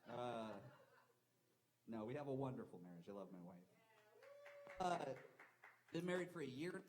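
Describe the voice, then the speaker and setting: A man's voice: mid-range voice, very animated, normal speed, slight background noise, low-quality recording. A young man performing a live stand-up set, telling rambling, self-deprecating stories with lots of swearing into a handheld mic on a club stage. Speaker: stand-up comedian.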